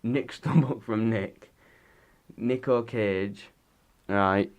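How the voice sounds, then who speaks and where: A man's voice: on the low side, fairly even intonation, drawn-out words. A young man co-hosting a podcast, chatting laid-back and mocking himself. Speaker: podcast co-host. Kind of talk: casual chat.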